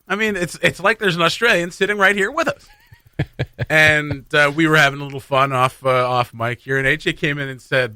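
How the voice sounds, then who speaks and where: Radio morning guy in a dry studio, bright voice, chatty, jokes at his own expense. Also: on the high side, smooth, dry recording. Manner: chatty, self-mocking, quick to laugh. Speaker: radio morning show host. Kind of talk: casual radio banter.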